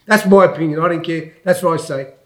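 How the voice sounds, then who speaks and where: Blunt Australian man, high voice. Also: fast talker. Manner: blunt, rambling, calls everyone mate. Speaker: former boxer, guest pundit. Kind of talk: casual interview chat.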